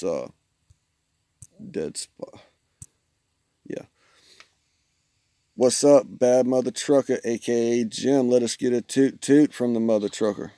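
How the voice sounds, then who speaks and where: A man streams a mobile game live, rambling through his setup, joking with friends on a voice call and talking to his chat in casual commentary. His mid-range voice has a dark tone, captured in a dry, clean studio recording.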